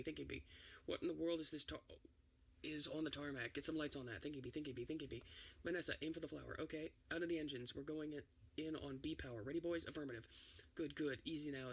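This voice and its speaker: A man reading an entire film script aloud for ASMR, doing every part in one steady voice. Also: a little high. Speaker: ASMR reader.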